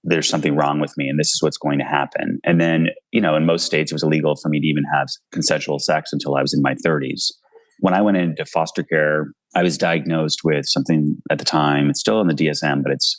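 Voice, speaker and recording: A fast-talking man in his forties with a rumbling low voice and a level tone is interviewed as an author and guest on a video call from home. He's earnest and impassioned, speaking in bursts, and the low-quality recording has no echo.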